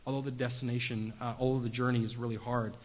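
Young pastor preaching in an echoey hall. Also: male voice, medium pitch, flat delivery, fast talker, a little mellow. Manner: casual storytelling with self-deprecating humor, many fillers. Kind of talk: sermon. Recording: long hall reverb.

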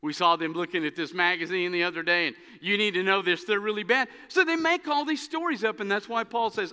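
A man preaching a sermon as pastor, telling stories with an animated, dry humor. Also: high voice, fairly quick, hardly any pauses, clean tone. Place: church sanctuary. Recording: long reverb of a church hall.

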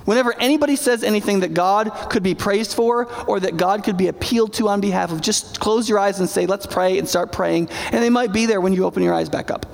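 A pastor preaching a sermon with animated, emphatic delivery, acting out little asides. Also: male voice, high voice, fairly quick, vocal fry, hardly any pauses, slight background noise. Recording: reverberant hall.

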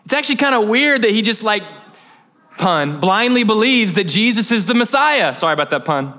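A man's voice: high-pitched, very animated, a little fast, bright, forceful tone. A young man preaching a sermon as pastor, conversational and joking, with off-the-cuff asides.

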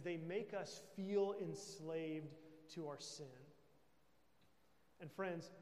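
Male pastor, higher voice, emphatic sermon delivery, recorded in a reverberant hall. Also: a little mellow. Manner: emphatic, with conversational check-ins. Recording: echoey hall with long reverb.

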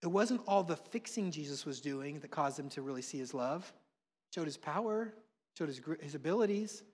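A man, preaching a sermon with passion, swinging between hushed and loud. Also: a little high, expressive, normal speed, breathy edge. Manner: impassioned, swings from soft to loud. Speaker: pastor. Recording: long reverb of a large hall.

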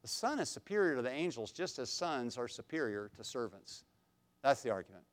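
A middle-aged man preaching an expository sermon, folksy and self-deprecating, swinging from quiet asides to loud, emphatic bursts. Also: mid-range voice, very animated, brisk. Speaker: pastor.

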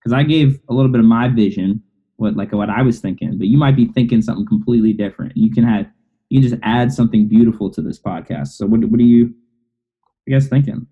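A man hosting a casual podcast who talks in a relaxed, conversational way. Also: mid-range voice, fast talker, breathy edge. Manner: relaxed, conversational host talk. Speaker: podcast host. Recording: dull lo-fi audio.

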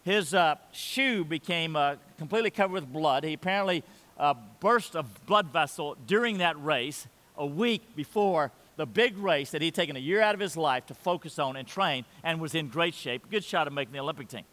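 A man's voice: a little high, lively intonation, moderate pace, fairly bright tone. Earnest older man preaching in a hall. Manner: earnest, repeats phrases, leads congregation in saying lines aloud. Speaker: pastor. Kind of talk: sermon.

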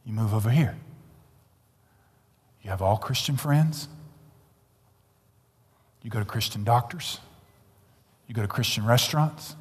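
A male pastor preaching a sermon, swinging between loud emphatic declarations and hushed, near-whispered asides. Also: mid-range voice, unhurried, long pauses, breathy edge. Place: church sanctuary. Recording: long hall reverb, church sanctuary.

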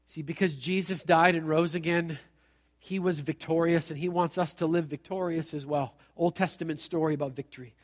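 A male pastor preaching a sermon in a lively, conversational way with playful asides. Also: on the high side, normal speed. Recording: long hall reverb.

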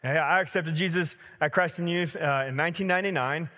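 A man in his thirties preaching a sermon as a pastor, telling stories in a lively conversational way with many fillers. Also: a little high, fairly quick, long reverb tail.

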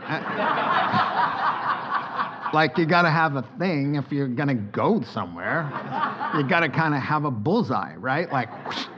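A man's voice: a little high, normal speed, long pauses. A middle-aged man preaching a sermon as pastor, telling joking stories and laughing often. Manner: animated, joking storytelling with frequent laughter. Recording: dull sound with faint background hiss.

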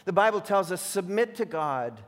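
A man preaching a sermon as a pastor, switching between emphatic declarations and hushed, imagined voices of temptation. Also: high voice, big pitch swings, normal speed. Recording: long reverb of a large hall.

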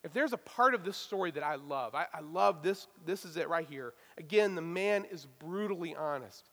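A man preaching a sermon as a pastor, talking in a casual, lively way with touches of self-deprecating humor. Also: fairly high pitch, moderate pace, big-room sound.

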